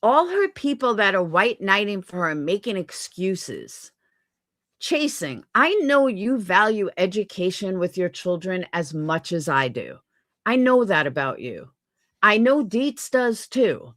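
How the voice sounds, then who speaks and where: This is angry livestream commentary: a woman streamer repeats herself in a heated, profane rant. Her mid-range, slightly bright voice swings widely in pitch as she talks unhurriedly, with no echo.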